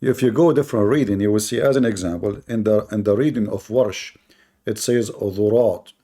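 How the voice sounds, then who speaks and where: A man's voice: fairly low pitch, brisk, dark tone. A man in a live online debate, combative and scornful, repeating points for emphasis in non-native English.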